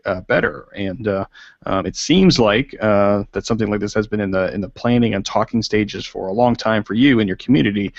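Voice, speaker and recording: A man hosting a live online talk show, talking in a halting way with many fillers and restarts. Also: on the low side, gravelly, dry recording, lo-fi sound. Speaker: podcast host. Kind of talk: casual chat.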